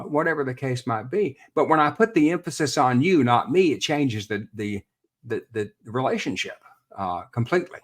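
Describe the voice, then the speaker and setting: A man's voice: medium pitch, fairly bright tone. A man, a real estate expert guest on a podcast interview, explaining earnestly and repeating words as he thinks.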